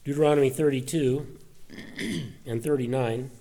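A man's voice: medium pitch, unhurried, gravelly, mellow. A middle-aged man preaching a sermon, reading Bible verses aloud with rising force and then explaining them plainly. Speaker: pastor.

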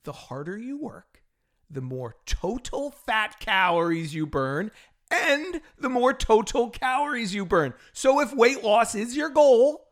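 A middle-aged man hosting a solo fitness podcast, talking in an animated, exasperated rant with frequent laughs. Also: very high-pitched, unhurried. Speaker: podcast host and fitness trainer.

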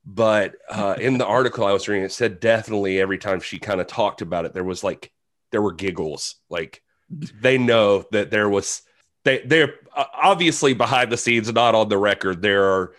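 A man's voice: fairly low pitch, moderate pace, a bit bright. A man as a podcast guest, telling rambling, self-deprecating stories in casual chat.

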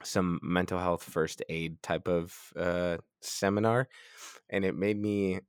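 A man's voice: deep voice, level tone, slow, smooth, no room sound, studio quality. A man co-hosting a health podcast, chatting casually and laughing often. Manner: laughs often, loose and joking. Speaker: podcast co-host, strength coach.

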